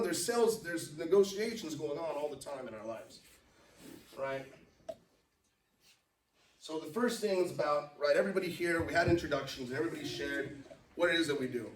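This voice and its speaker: A man running a live business presentation, talking casually and checking in with his listeners at every turn. His voice sits a little high. He is picked up from far off in an echoey room with faint background hum. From Los Angeles. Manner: conversational, keeps checking in with "right?". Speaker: company CEO presenting to a business network. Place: meeting room. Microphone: far from the mic.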